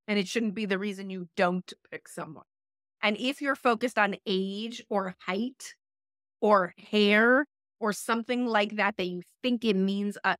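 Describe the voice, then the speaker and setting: An American woman, a life coach and relationship expert appearing as a podcast guest, gives direct, emphatic dating advice and often repeats key phrases for emphasis. Her medium-pitched voice is a bit bright, in clean studio sound with no echo.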